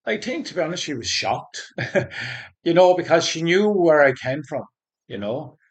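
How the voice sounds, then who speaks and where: A man being interviewed, telling his personal faith story in a halting, earnest way with many restarts. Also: fairly high pitch, animated. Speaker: interview guest. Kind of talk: conversational faith testimony.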